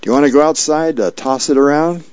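A man's voice: on the high side, brisk, clear, resonant tone, dry recording, voice pushed up, natural voice. A man voicing an eager young boy who pesters a neighbor to play, in a dull lo-fi radio recording. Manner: excited, pestering.

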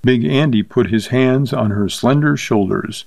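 Male audiobook narrator, measured and even, dead-dry recording. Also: mid-range voice, creaky, no room sound.

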